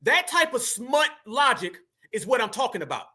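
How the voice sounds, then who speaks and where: A man hosts a reaction commentary, speaking to his audience in an emphatic, preachy way and repeatedly calling them "fam." His voice is very high and sing-song, sharp and slightly rough, at a normal speed.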